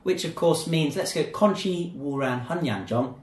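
A man's voice: fairly high pitch, animated, moderate pace. A man hosting a casual podcast, playful and teasing as he leads the banter among his guests. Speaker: podcast host. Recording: echoey room.

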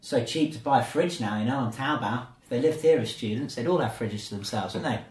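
A man's voice: mid-range voice, fairly quick, darkish tone. A man hosting a casual chat show, with playful, teasing banter. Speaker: podcast host. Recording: echoey room.

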